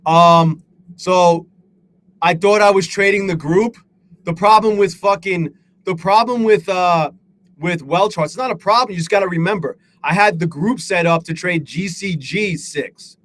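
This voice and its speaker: With a high-pitched, fairly bright voice and a slightly slow pace, a man hosts a live trading stream. He swears, rambles, is self-critical, and calls out chat names as he greets people.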